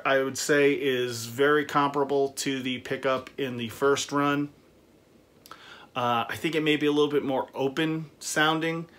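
A man's voice: mid-range voice, fairly bright tone. A man giving a casual, chatty guitar review, with frequent fillers and easy laughs.

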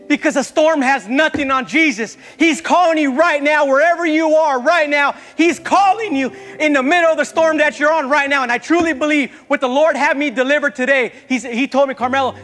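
A young male youth pastor preaches with fervor in a very high voice, often urging the listeners directly. His words ring through a reverberant church hall while soft music plays underneath. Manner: impassioned preaching, repeated calls to the congregation. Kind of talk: sermon.

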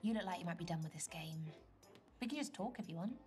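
A woman's voice: on the low side, fast, darkish tone, soft background music, natural voice. An actress as a teasing flirty woman on a date. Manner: playful, sarcastic, probing. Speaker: date in a video game. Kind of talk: live-action game acting.

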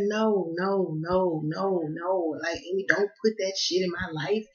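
This tarot card reader from the Southern United States speaks in a lowish voice at normal speed, barely pausing, and the recording is muffled. Talking to camera in a relaxed reading, she's chatty and laughs a lot, asking "okay?" often and calling people "baby."

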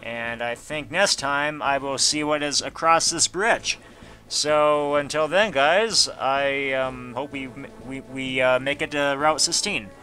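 A man's voice: medium pitch, slow, bright, forceful tone. A man giving casual gameplay commentary, reading game text aloud and adding goofy asides. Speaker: let's player.

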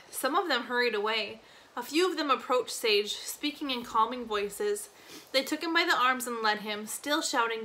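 Bright-voiced woman reading a novel aloud. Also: a little high, rough recording. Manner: expressive storybook narration. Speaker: reader.

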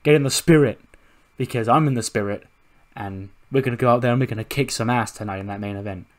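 A man's voice: medium pitch, fast, close to an everyday voice. A man voicing a cheery male wrestler in a holiday mood, urging a teammate to join the fun. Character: jolly festive male wrestler in a Santa hat.

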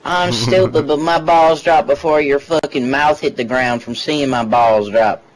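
A man trash-talking crudely and excitably with friends in a game's party chat. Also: fairly high pitch, unhurried, rough recording. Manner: profane, mocking, excitable. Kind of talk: crude trash talk while playing.

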